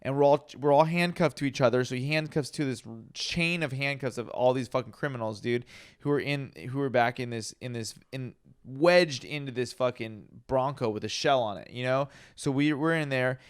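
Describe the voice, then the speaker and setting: Smooth-voiced guy telling a wild story. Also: mid-range voice, normal speed. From Los Angeles. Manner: slangy, profane, says dude a lot. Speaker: podcast guest. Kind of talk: casual storytelling.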